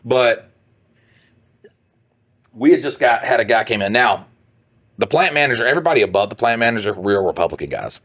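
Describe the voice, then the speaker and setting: A man co-hosting a podcast, telling a profane, animated story in casual chat and putting on voices for the people he quotes. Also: lowish voice, quick pace. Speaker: podcast co-host.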